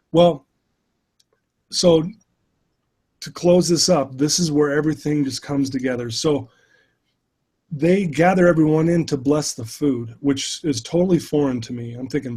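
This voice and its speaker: Middle-aged male guest, a touch high-pitched, chatty and animated as he tells his story. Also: husky. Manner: animated, many "you know" fillers. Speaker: interview guest, life coach. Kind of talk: casual storytelling.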